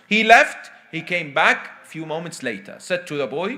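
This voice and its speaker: A male preacher giving a sermon, telling a story with dramatic dips into hushed tones and asking the congregation questions. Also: fairly high pitch, lively intonation, fairly quick.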